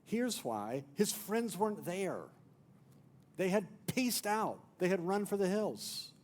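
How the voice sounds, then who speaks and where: A man pastor preaching a sermon as an emphatic storyteller, swinging from loud to near-hushed. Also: high-pitched, expressive, slow. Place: church.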